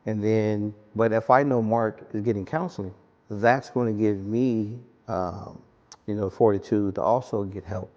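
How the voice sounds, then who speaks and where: A man talking gently and reassuringly in a candid round-table conversation. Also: on the low side, steady tone, a little slow, lo-fi sound. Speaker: discussion participant. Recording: long hall reverb with faint guitar music.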